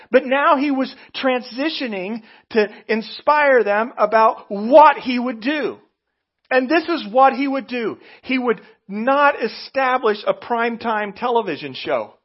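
A man preaching a sermon as pastor, emphatic and animated, with sudden loud outbursts and slow, drawn-out phrases. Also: sits high, muffled recording.

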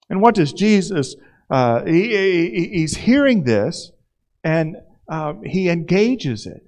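A male pastor gives a conversational sermon with a fairly high voice. He acts out the scenes he tells as he goes. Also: animated, normal speed, darkish tone.

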